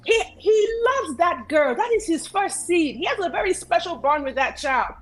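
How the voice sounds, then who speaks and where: A woman's voice: extremely high pitch, big pitch swings, normal speed, poor audio. A woman giving earnest, preachy advice in a casual talk show chat, repeating phrases for emphasis. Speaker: guest commentator.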